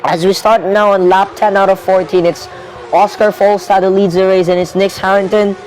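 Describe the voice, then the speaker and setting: A young man commentating a video game race live, rambling and correcting himself, getting excitable when cars crash out. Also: high voice, normal speed, rough recording.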